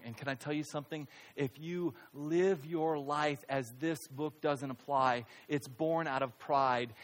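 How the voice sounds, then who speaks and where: A man preaching a sermon as a pastor, swinging between loud, high-pitched outbursts and quiet, low delivery. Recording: reverberant hall.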